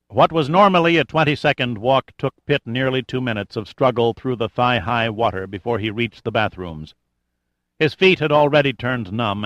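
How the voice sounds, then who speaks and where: A man reading an audiobook in a measured, even storytelling manner. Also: mid-range voice, dry recording, muffled recording. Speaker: audiobook narrator. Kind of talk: scripted narration.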